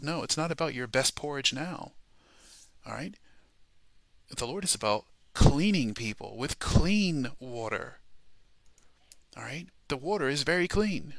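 A man's voice: medium pitch, lively intonation, normal speed, pushed and bright, dry recording. A man preaching a sermon, emphatic and repetitive, peppering his points with rhetorical questions.

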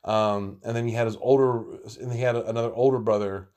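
A man in his thirties with a twang, spinning a loose, profanity-laden tale. He rambles and restarts, swears freely, and breaks into laughter as he goes. He sounds relaxed and talkative. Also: medium pitch, a little fast. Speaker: storyteller. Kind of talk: casual storytelling monologue.

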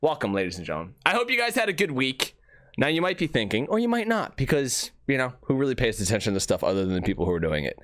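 A man hosting a casual podcast, rambling in an animated, self-joking way while nursing an aching tooth. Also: on the low side, quick pace, no room sound, clean studio sound. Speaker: podcast host.

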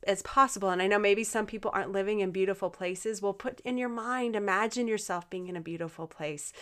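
A woman with a medium, slightly bright voice gives a casual motivational talk. She speaks earnestly and encouragingly to her listeners, chatting with frequent fillers and restarts.

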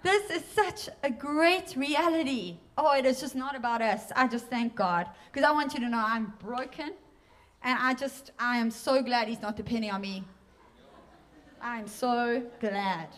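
Woman, preacher, church sermon, higher voice, earnest, emotional. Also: normal speed. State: tearful at times.

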